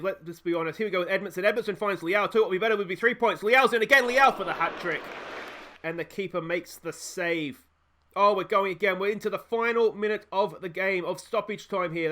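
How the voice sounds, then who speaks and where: A man with an Australian accent giving excitable let's play commentary, fretting over tactics aloud and shouting when goals go in. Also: high voice, brisk. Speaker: gaming YouTuber.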